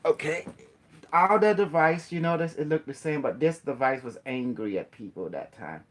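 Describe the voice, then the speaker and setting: A man's voice: fairly high pitch, normal speed, a bit bright. A man giving a casual spiritual talk. He rambles, repeats himself and keeps asking his listener questions. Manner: rambling, repetitive, breaks into playful chanting.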